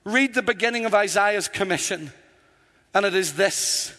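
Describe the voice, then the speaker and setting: A man's voice: high voice, moderate pace, pushed and bright. A man preaching a sermon with impassioned delivery, building to emphatic, repeated declarations. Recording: long hall reverb.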